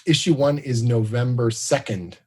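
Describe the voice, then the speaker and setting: A husky-voiced man from Canada talks shop as a guest on a podcast, sitting at a middle pitch. He is upbeat and quick with asides, laughing often at himself. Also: dark tone. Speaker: comic book writer guest. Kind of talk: casual podcast chat.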